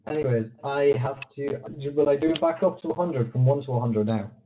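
A man's voice: mid-range voice, a little fast, warm tone, a little hiss or hum. A young man streaming with friends, singing a repetitive counting song and chatting casually. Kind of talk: casual chat. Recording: dull lo-fi voice chat audio.

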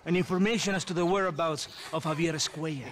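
An actor playing a smooth, scheming army captain with a Mexican Spanish accent in a video game cutscene, oily and flattering. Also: male voice, a little high, fast, a little hiss or hum, lightly acted.

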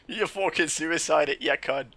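A young man chats over a game in a fake Scottish brogue, cursing cheerfully at his friend. His voice sits high and bright with a wide, bouncing melody. A faint background noise runs under the recording. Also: moderate pace. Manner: putting on a mock Scottish accent, sweary banter. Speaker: gamer co-host. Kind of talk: casual gaming commentary.

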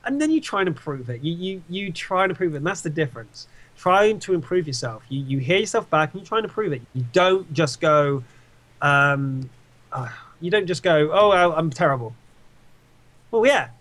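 A man's voice: on the high side, brisk. A young man giving casual advice and telling stories in an interview, emphatic and repetitive. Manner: animated, emphatic, repeats himself. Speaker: interviewee, game caster.

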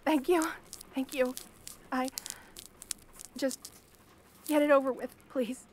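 A woman's voice: high-pitched, steady tone, takes it slowly, slight background noise. A young woman acting a frightened captive in an audio drama, stammering and pleading. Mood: timid, fearful. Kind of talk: audio role-play.

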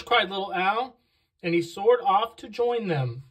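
A woman reading a picture book aloud to children, slow and expressive on the sound words. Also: medium pitch, husky, poor audio. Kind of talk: read-aloud storytelling for children.

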